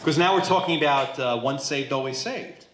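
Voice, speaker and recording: A man's voice: mid-range voice, moderate pace, fairly bright tone. A man leading a Bible study in a church, teaching emphatically and often checking in with listeners. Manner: emphatic, asks listeners questions. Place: church room. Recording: roomy echo.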